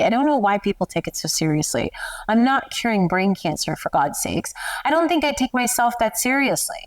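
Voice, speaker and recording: Middle-aged woman guest, emotional and animated, mid pitch, a little distant from the mic. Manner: animated, emotional, laughs often. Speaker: guest, newborn photographer. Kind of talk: candid interview storytelling.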